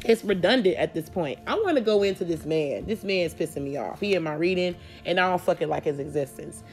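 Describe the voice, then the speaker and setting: A woman's voice: lowish voice, brisk, darkish tone, faint music behind. A woman doing a casual tarot reading, talking bluntly and confrontationally with lots of swearing. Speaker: tarot reader.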